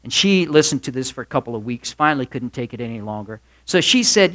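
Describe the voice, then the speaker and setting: A man's voice: medium pitch, lively intonation, quick pace, hardly any pauses, a bit bright. A male pastor giving a Wednesday night sermon in a folksy manner, mixing stories, jokes and asides. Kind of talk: midweek church sermon.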